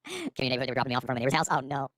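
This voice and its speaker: A man talking very fast on a home livestream, his voice swinging widely up and down as he rambles. He interrupts himself and jokes around. The sound is dry and close to the mic. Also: medium pitch, huge pitch swings, fairly bright tone, no echo. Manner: rambling, playful, self-interrupting. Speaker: livestream host. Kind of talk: casual livestream chat.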